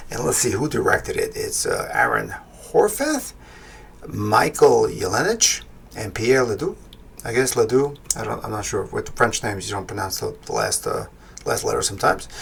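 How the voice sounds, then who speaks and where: A man's voice: mid-range voice, gravelly, a bit bright, husky. A man hosting his own podcast and giving an unscripted film review, hesitant and full of fillers and restarts. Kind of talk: casual spoken film review.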